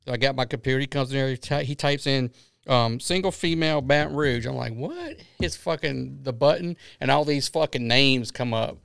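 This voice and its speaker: A man's voice: mid-range voice, fairly quick, creaky, fairly bright tone, smooth, dry recording, studio quality. A middle-aged man on a casual podcast, swearing freely and acting out voices as he tells crude anecdotes. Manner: profane storyteller, acts out voices in anecdotes. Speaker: podcast co-host.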